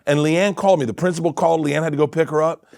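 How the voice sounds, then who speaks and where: A middle-aged man, a comedian guest, telling animated family stories in casual chat and acting out quotes with cursing. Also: on the high side, very fast, vocal fry, no room sound. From Florida.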